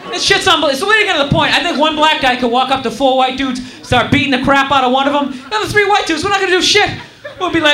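High-voiced comic on a noisy club stage. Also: male voice, quick pace. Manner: animated storytelling, acts out characters, crowd laughing. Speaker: stand-up comedian. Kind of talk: live stand-up comedy. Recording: roomy live club recording with crowd.

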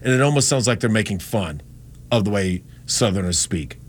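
A man's voice: fairly low pitch, lively intonation, normal speed, a little hiss or hum. A man in his fifties from the American South, a radio host with a light Southern accent, talking in a rambling, opinionated way and correcting himself often. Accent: Southern US, Carolinas. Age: 50s. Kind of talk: casual radio talk.

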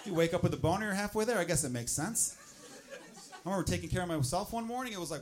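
A man doing a stand-up comedy set, swinging into loud, exasperated acted-out asides. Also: high-pitched, animated, quick pace.

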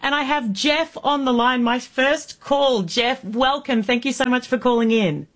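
A woman's voice: sits high, unhurried. A woman hosting a talk radio show, effusive and openly emotional as she thanks callers on a studio microphone.

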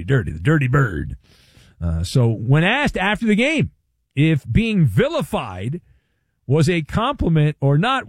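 A man's voice: on the high side, darkish tone, no echo. A man hosting sports talk radio, delivering a playful, wry monologue with hammy emphasis.

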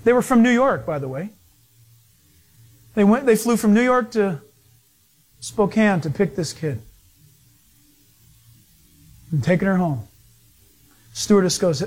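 A male pastor delivers a sermon, his voice sitting high for a man. He tells stories with animation and acts out the people in them. His delivery is a preacher's storytelling. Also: a little slow, pauses often. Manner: animated storytelling with acted-out quotes.

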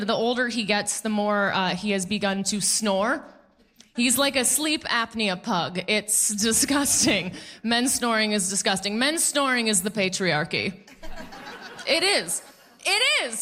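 A woman's voice: medium pitch, bright, forceful tone. A woman performing a stand-up comedy set, chatty and sarcastic, often laughing at her own jokes. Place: comedy club stage before a live audience.

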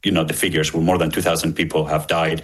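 A man's voice: very deep voice, little pitch movement, fast talker, fairly bright tone, slightly rough. A man, an aid agency director, speaking earnestly in a news interview clip.

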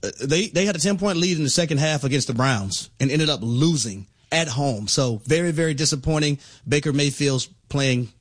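A male radio co-host giving measured sports analysis and repeating words for emphasis. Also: on the high side, breathy edge.

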